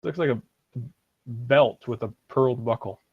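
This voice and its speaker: A man narrating as dungeon master over an online game, halting and full of fillers. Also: medium pitch, husky, no room sound, lo-fi sound. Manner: hesitant, halting descriptions with many fillers.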